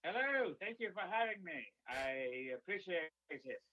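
A man's voice: sits high, big pitch swings, dull audio, exaggerated voice. A man doing a stuffy royal herald with a put-on British accent. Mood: pompous. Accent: put-on British-sounding. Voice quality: stuffy, halting, over-formal. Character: pompous male royal herald, befuddled. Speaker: caller. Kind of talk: improvised comedy call-in.

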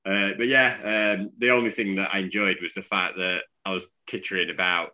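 A man's voice: sits low, little pitch movement, normal speed, sharp tone. A man from England co-hosting a casual football podcast, rambling and restarting his sentences. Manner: rambling, restarts often, chuckling. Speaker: podcast co-host.

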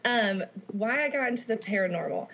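A young Southern woman from Memphis talks casually as a podcast guest, laughing easily and filling her sentences with "like." Her voice sits a bit high. She comes through a video call, so the sound is muffled and lo-fi. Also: animated, a little fast, fairly bright tone. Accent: Southern US, Memphis Tennessee. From Tennessee, US. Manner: chatty, laughs often, many "like" fillers. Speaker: guest co-host. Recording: dull lo-fi video call audio.

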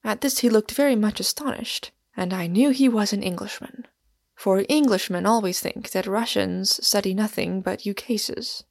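A woman narrates a story in a measured, steady way. Her voice is middle-pitched with a gravelly texture, and the recording is dry with no room sound. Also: no echo. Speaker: audiobook narrator. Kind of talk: scripted narration.

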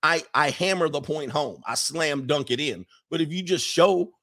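A man hosting a streaming podcast, talking casually through viewer questions, animated, laughing often and repeating points for emphasis. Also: on the high side, moderate pace.

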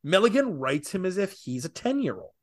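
A man co-hosting a casual podcast, talking opinionatedly with rapid asides. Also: sits high, very animated. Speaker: podcast co-host. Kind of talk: casual comics podcast chat.

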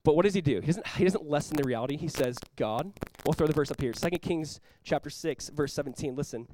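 A man's voice: fairly high pitch, quick pace, dark tone, slight background noise, poor audio. A man preaching a sermon as pastor, earnest and emphatic, often repeating words as he builds each point. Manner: acts out short quoted voices.

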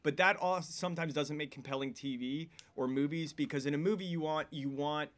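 A man's voice: on the high side, brisk, fairly bright tone. A man co-hosting a casual film podcast, telling rambling stories and interrupting himself. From United States. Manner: rambling, self-interrupting storyteller. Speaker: podcast co-host. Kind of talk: casual chat about films.

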